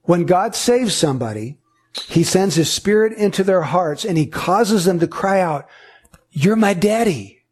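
A man's voice: high-pitched, expressive, moderate pace, a little mellow, husky. A man preaching a sermon, earnest and emphatic, driving points home with repetition. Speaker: pastor.

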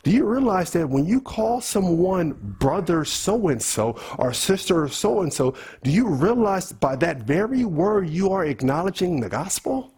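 A man's voice: high-pitched, very animated, unhurried, few pauses, a little mellow, breathy edge. A man preaching a sermon, earnestly questioning his congregation.

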